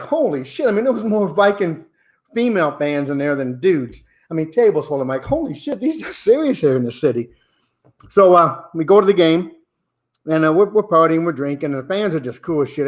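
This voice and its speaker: A man's voice: fairly high pitch, animated, a little fast. A man in his sixties telling a rowdy, profane story in a casual podcast chat. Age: 60s.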